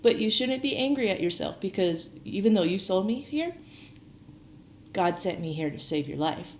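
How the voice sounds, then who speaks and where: A woman voicing a forgiving grown man who reassures his brothers, in a warm casual quoting voice. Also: mid-range voice, animated, normal speed, natural voice. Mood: reassuring. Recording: roomy echo, faint noise.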